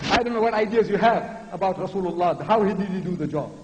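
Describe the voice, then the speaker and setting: A man's voice: fast talker, few pauses. A man in his seventies giving a fiery, emphatic public lecture on religion, with a militant preaching manner. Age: 70s. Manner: mocks other speakers with a high, weak voice. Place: large lecture hall before an audience. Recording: echoey large hall.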